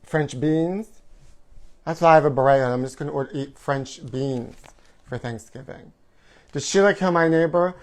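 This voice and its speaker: Speaking at normal speed in a voice on the high side, this male host of a live trash-talk show delivers a campy livestream monologue. He's theatrical and gossipy, jumps between topics, and forgot his microphone.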